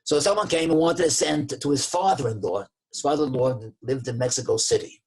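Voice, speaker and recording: A man telling a moral story to a gathering, halting with many restarts and acting out the quoted voices. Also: mid-range voice, slightly rough. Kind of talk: storytelling talk.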